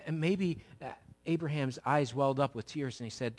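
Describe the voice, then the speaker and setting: Expressive high-voiced male preacher. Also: fast. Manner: dramatic retelling, acts out voices, swings from loud to hushed. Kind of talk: sermon.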